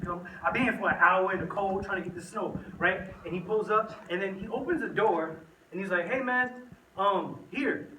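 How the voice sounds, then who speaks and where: Animated young man. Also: high voice, distant mic. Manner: animated, slangy storytelling. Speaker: youth speaker. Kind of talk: storytelling talk to teens. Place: room with a youth group. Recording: echoey room, from the mic, faint noise.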